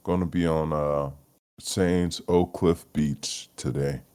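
Podcast host, male, extremely low voice, low-energy profane solo rambler. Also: fairly even intonation, takes it slowly, mellow, clean tone. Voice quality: profane, rambling, laughs often. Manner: low-energy, mumbling, trailing off. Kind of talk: solo casual rant.

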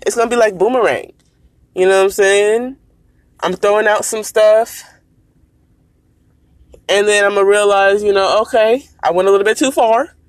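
A woman hosting her own podcast in a casual, chatty way, talking straight to listeners as y'all, her voice raspy from early morning, recorded while she drives her car. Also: medium pitch, steady tone, normal speed, long pauses, dry recording, rough recording. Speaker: podcast host. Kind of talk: casual solo podcast talk. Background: faint road and blinker noise.

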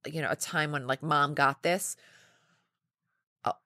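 Low-voiced woman telling stories, dry sound. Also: dry recording. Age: 40s. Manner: lively storytelling with laughs and quick restarts. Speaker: podcast guest, company founder. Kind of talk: casual interview chat.

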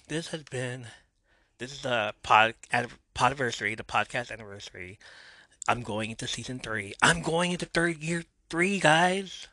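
Man, podcast host, solo casual chat; bright tense timbre, dry close sound, self-mocking and excitable. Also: medium pitch, no echo. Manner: excitable, self-mocking, voice jumps up when amused.

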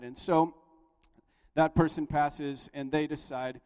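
A man's voice: mid-range voice, level tone, measured pace, darkish tone, clear, resonant tone. A man preaching a sermon as pastor, telling a story in a conversational way and building to emphatic points. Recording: long reverb of a large hall.

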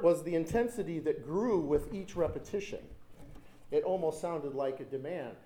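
A man's voice: mid-range voice, brisk, dark tone. A man preaching a sermon as pastor, telling stories with animation and repeating lines for emphasis.

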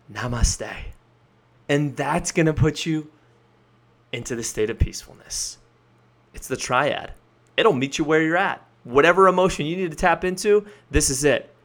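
A man hosting a motivational podcast, coaching listeners in an emphatic way, laying out numbered points and slowing down to stress key words. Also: fairly high pitch, fairly bright tone. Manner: emphatic, coaching, lists points and repeats them. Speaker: podcast host.

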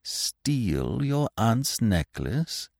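A man voicing a courteous, unflappable young gentleman with a monocle, speaking in a dry, measured way, in an audiobook reading. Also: lowish voice, wildly swooping pitch, creaky, no room sound, exaggerated voice. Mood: urbane.

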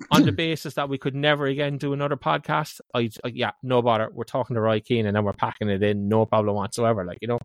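A man's voice: medium pitch, fast talker, few pauses, no room sound, clean studio sound. A man with a Cork Irish accent, co-hosting a podcast and telling a long anecdote, padding it with "like, you know.". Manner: animated anecdote with lots of filler "like, you know". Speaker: podcast co-host. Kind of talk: casual storytelling chat.

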